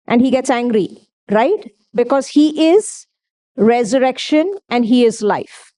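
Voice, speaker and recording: A woman's voice: a little high, lively intonation, unhurried, dark tone. Emphatic woman preacher. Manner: emphatic, asks the listeners questions and answers them. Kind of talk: sermon.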